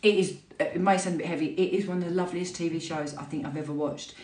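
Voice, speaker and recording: A woman's voice: lowish voice, fast talker. A woman in her fifties talks openly and with animation, the way a fitness instructor chats to her followers. Her voice sounds a little far off in an echoey room. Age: 50s. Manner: chatty, candid and animated. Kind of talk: casual talk to camera. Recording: roomy, voice from a distance.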